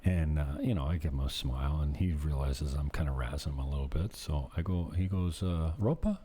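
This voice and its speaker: Male vlogger, very low and mellow voice, rambling and casual, chatty property-manager storyteller. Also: fairly quick, breathy edge. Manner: rambling, conversational, laughs while telling stories.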